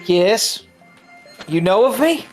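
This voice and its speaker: A woman voicing a laid-back middle-aged country man with a put-on Southern drawl in a fan dub of a game, slow and deadpan. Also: mid-range voice, soft background music.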